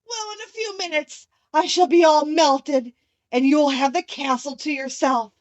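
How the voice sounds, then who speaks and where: Woman voicing a shrill wicked old witch. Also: a little slow, dry recording. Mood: wailing. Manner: shrill, wailing.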